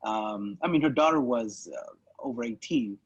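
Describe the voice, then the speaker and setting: A man's voice: mid-range voice, moderate pace, breathy edge, no room sound, muffled recording. A man co-hosting a podcast, telling a rambling story in casual chat, with lots of "you know" and "right?". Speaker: podcast co-host.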